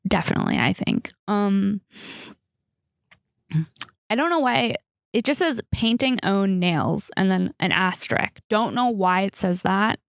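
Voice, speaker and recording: Young Californian woman, podcast host, rambling storyteller, vocal fry. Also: medium pitch, expressive, unhurried, pauses often, no echo, clean studio sound. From Los Angeles area, United States. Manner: chatty storytelling with many fillers and restarts. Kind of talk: casual solo Q&A podcast.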